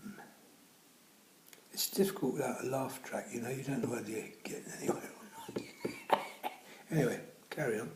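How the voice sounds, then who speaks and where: A man's voice: mid-range voice, a little fast, pauses often, a little mellow, echoey room, slight background noise, low-quality recording. A man telling comic anecdotes in a dry style, often dropping to a near-whisper. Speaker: comedian. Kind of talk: comic storytelling.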